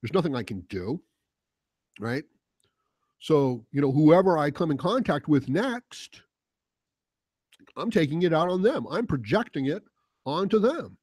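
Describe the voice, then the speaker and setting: A man delivers a heated political monologue in a fairly high voice that leaps around as he gets worked up. He swears and sneers as he mimics the people he is talking about. The recording is dry and close. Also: animated, a little slow, pauses often, a little mellow, no room sound. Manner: heated, ranting, profane; mocking quoted voices. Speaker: political commentary host. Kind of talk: casual monologue.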